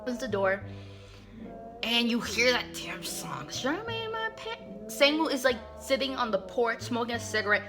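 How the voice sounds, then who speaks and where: A woman hosting a casual comic recap, talking in a chatty, animated way with many fillers. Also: on the high side, normal speed, over music.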